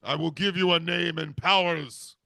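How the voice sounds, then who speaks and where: A man doing a booming commanding devil. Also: fairly even intonation, moderate pace, gravelly, no echo, clean studio sound, heavily acted. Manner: commanding, solemn, shouting. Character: booming devil, father of the Antichrist.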